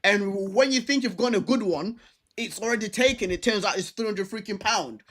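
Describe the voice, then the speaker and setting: A young man chats about football on a livestream. His voice sits high, and he rants animatedly with lots of repeated words. He sounds stubborn and keen to defend himself. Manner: animated, stubborn, fast ranting with many repeats. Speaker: livestream football show host. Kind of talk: casual football chat.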